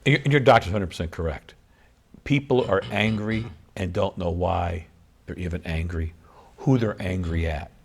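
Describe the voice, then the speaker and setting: Low-voiced male priest, guest spot, earnest, repetitive preacherly cadence. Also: normal speed, vocal fry. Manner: earnest, preacherly, builds emphasis through repetition. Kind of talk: interview talk about forgiveness.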